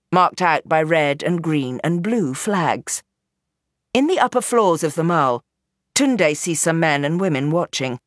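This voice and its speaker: A woman reads a novel aloud in calm, measured narration. Her voice sits a little low, and the recording is close and dry with no room sound. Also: dry recording. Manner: steady, measured storytelling. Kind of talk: scripted audiobook narration.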